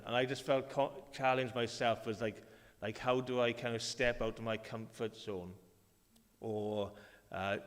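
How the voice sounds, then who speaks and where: Welsh preacher in a reverberant church. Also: male voice, mid-range voice, steady tone, moderate pace. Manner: conversational, with frequent fillers and restarts. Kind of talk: sermon. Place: church hall.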